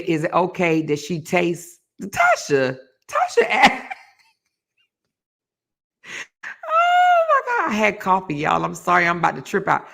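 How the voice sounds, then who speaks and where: A woman hosting a casual reaction video, talking to her viewers and breaking into loud laughter until she is in tears. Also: fairly low pitch, gravelly.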